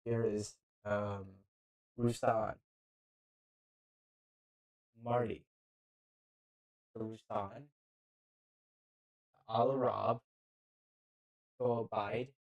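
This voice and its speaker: Slow, halting amateur football commentator, male. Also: fairly low pitch, fairly even intonation, vocal fry, a little mellow, highs cut off. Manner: halting, unsure of player names, casual asides. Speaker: amateur live match commentator. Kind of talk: live play-by-play commentary. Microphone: handheld microphone.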